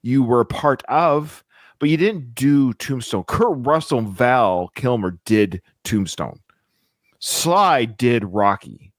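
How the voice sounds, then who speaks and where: A man co-hosting a podcast, talking in an animated, casual way and working through his points with restarts. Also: mid-range voice, takes it slowly, no room sound, clean studio sound. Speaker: podcast co-host. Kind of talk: casual chat.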